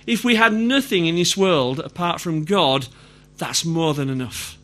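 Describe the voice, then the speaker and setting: A man's voice: a little high, unhurried, fairly bright tone. A middle-aged man with a Yorkshire accent preaching a sermon in a conversational way, putting questions to the congregation. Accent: Yorkshire English. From Yorkshire, England.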